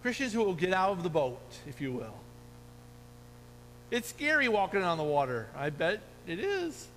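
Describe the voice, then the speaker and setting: Middle-aged male preacher, earnest exhorting sermon delivery, high voice, reverberant hall. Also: wildly swooping pitch, moderate pace, a bit bright. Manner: earnest, exhorting, quotes scripture. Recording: long hall reverb, faint hum.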